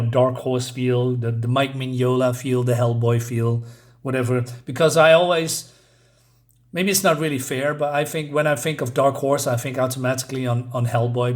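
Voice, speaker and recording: A man reviewing a comic in a casual, chatty way, often tagging his lines with "right?" and "you know". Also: mid-range voice. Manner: chatty, tags lines with 'right?' and 'you know', reads panels aloud.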